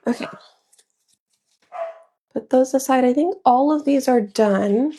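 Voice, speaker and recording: Crafting at home in a small room, a woman in her thirties talks casually to her livestream audience and addresses them as y'all; she also sells live. She speaks slowly in a warm, high-sitting voice, and there's a little hiss or hum.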